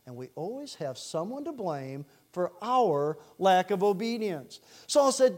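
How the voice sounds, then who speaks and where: High-voiced animated male preacher. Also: a little slow, hardly any pauses. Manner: animated, acts out scripture quotes in character voices; asks the congregation direct questions. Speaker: pastor. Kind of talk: sermon.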